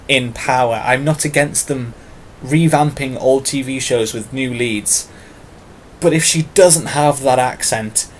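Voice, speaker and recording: Speaking casually to camera in a tag video, this British vlogger rambles on with plenty of fillers and self-mocking asides. His voice sits at a medium pitch against slight background noise.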